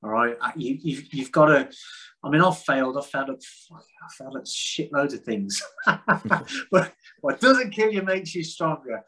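A man's voice: on the high side, animated, moderate pace, sharp tone, breathy edge, rough recording. A man, talking frankly and at length as a podcast guest, rambling and self-deprecating. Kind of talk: casual conversation.

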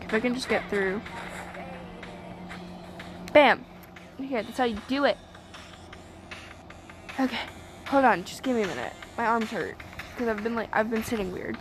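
A woman giving casual let's-play commentary, excitable and chatty, swearing and joking at the game's characters. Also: fairly high pitch, brisk, long pauses, noisy background. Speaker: gaming streamer. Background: game music.

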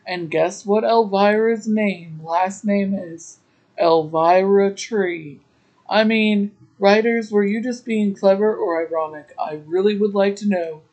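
A woman's voice: medium pitch, darkish tone, rough recording. A woman hosting a podcast, recapping an episode in a chatty, casual way with laughing asides. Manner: chatty, laughing asides, slow drawn-out delivery. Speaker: podcast host.

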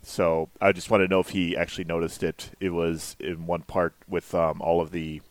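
A man talking casually as a podcast producer, hesitant, restarting his sentences and trailing off softly. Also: deep voice, flat delivery, normal speed, dry recording. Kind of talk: casual chat.

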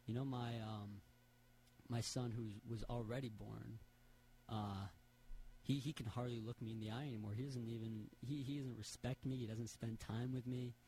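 A man's voice: mid-range voice, fairly even intonation, moderate pace, dark tone, a little hiss or hum, close to an everyday voice, rough recording. A man voicing a downtrodden male moth who rambles and stammers through his troubles. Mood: woeful.

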